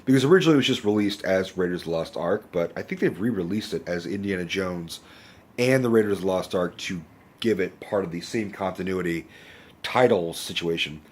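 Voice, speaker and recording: This deep-voiced man talks fairly quickly through a rambling, self-correcting movie review rant, swearing freely. He has a cough and a sore throat, and he's recording on a handheld phone camera indoors beneath a bright lamp.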